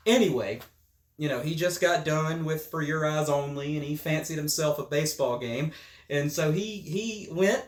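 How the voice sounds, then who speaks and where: A man's voice: fairly high pitch, roomy sound. A man hosting a podcast, chatting casually in a joking, rambling way. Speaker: podcast host. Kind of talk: casual chat.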